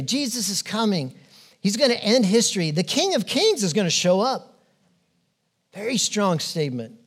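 Guy preaching a sermon in church, earnest, kinda high voice, restarts his phrases a lot. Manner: earnest preaching with emphatic pauses and repeated restarts. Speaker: pastor.

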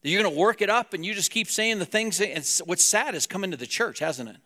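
A man's voice: high voice, lively intonation, brisk, sharp tone. A man preaching a sermon as a pastor, talking plainly and directly to his congregation.

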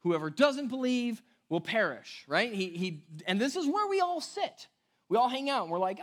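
A man's voice: very high-pitched, moderate pace. A man preaching a sermon as pastor, casual and conversational, often asking "right?" and acting out the people he quotes. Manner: animated storytelling, acting out quoted voices.

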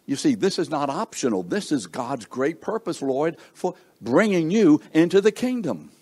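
A middle-aged man preaching a sermon, slow and emphatic, asking the congregation rhetorical questions. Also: sing-song, darkish tone, husky. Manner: slow, emphatic preaching with wide swings in pitch and volume.

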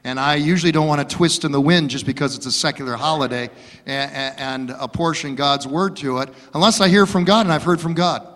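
A man's voice: fairly high pitch, a little fast, a bit bright. A man in his fifties, a pastor, preaching an earnest, folksy sermon with some fillers. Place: church sanctuary. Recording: reverberant church hall.

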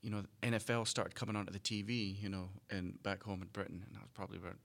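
A man from Scotland with a Scottish accent, chatting casually on a talk show and telling lively stories about growing up. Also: on the low side, fast talker, gravelly. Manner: animated storytelling, repeats words. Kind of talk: casual chat.

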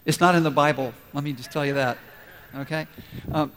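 A pastor preaches to his church family, working through his points and acting out little stories along the way. His voice sits a touch high for a man. The long reverb of a church hall trails behind every phrase. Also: steady tone, brisk, fairly bright tone, a little hiss or hum. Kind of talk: sermon. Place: church sanctuary.

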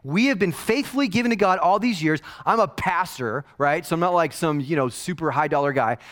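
A man's voice: on the high side, brisk, fairly bright tone. A man in his forties preaching a casual, joking sermon as a pastor in a church, with mock-quoted asides. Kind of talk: conversational sermon.

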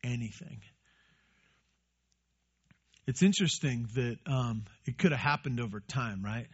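A man's voice: mid-range voice, animated, normal speed, husky, lo-fi sound. A male pastor giving a conversational sermon and putting questions to his congregation.

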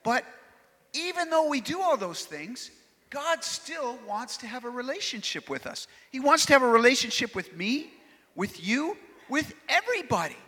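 Man doing a quaint old-world shopkeeper, courtly, high, bright and very lively voice, booming hall reverb. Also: normal speed, full character voice. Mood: reassuring. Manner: quaint formal phrasing, earnest reassuring. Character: courtly old-world male shopkeeper, puzzled by modern things. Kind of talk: live church camp skit.

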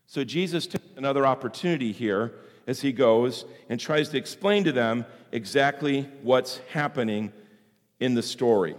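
A man preaches a sermon in a loose, conversational way, using fillers and restarts. His voice sits high for a man. A long reverb fills the church hall around him. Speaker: pastor.

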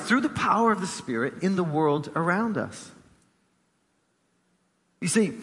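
Male pastor, emphatic sermon delivery with repeated phrases, raised pitch, long hall reverb. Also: a bit bright.

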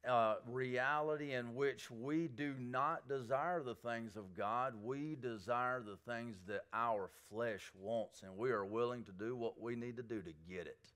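A man's voice: mid-range voice, a little slow, a bit bright, clear, resonant tone. A man preaching a sermon, pressing his listeners with repeated rhetorical questions. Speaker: pastor.

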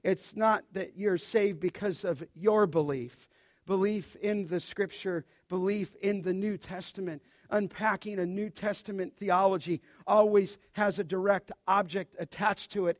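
High-voiced emphatic male preacher, dry sound. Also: no echo. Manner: emphatic, addresses listeners directly. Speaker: pastor. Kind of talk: expository sermon.

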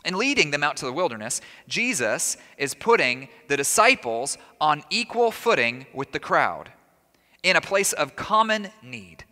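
A man's voice: fairly high pitch, very animated, measured pace, pushed and bright. A man preaching a sermon as a pastor, talking in a conversational way, asking rhetorical questions and adding humorous asides. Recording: long reverb of a large hall.

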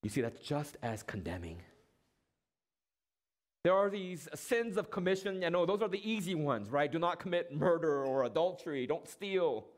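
A preacher with a high voice delivers a sermon. He asks rhetorical questions, pauses for effect and briefly acts out the lines he quotes. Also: lively intonation. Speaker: pastor.

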